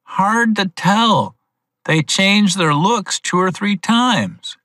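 An actor reading as a surly, grudging male stableman in a storybook, drawling slowly and sullenly. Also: high voice, lively intonation, pushed and bright, no echo, clean studio sound, pitched above the performer's own voice, heavily acted.

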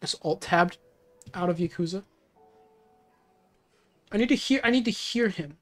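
A woman's voice: on the low side, measured pace, faint music behind. A woman game streamer chatting casually on a livestream, giggly, rambling and easily flustered.

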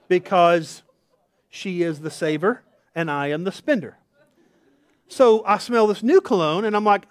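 Man, middle-aged pastor, high voice, dry close sound, storytelling sermon, self-deprecating humor. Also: lively intonation, normal speed, no echo.

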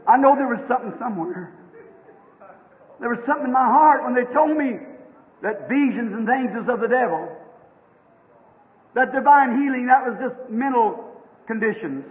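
A man preaching a fervent, rhythmic revival sermon that breaks into shouts. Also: very high-pitched. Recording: tinny old tape in a long-echoing hall.

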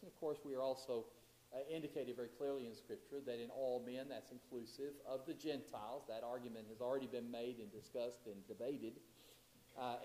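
A man's voice: medium pitch, darkish tone. A man teaching a Bible class, reading verses aloud and then explaining them, sometimes restarting his sentences. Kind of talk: Bible lesson. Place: church classroom. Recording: echoey church room.

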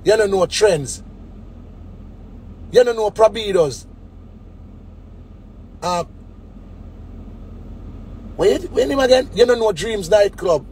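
A man's voice: sits high, animated, slow pace, pauses often, darkish tone, slight background noise. A man with a Jamaican accent in a casual comic rant, mocking people and dropping into sneering quoted voices. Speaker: DJ ranting on a web show.

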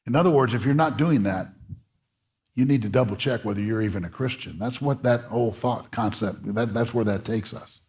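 A male pastor preaches a sermon in a church sanctuary, his voice a little fast and a little mellow. He's earnest, repeating his words and rising in pitch as he presses his points when stirred.

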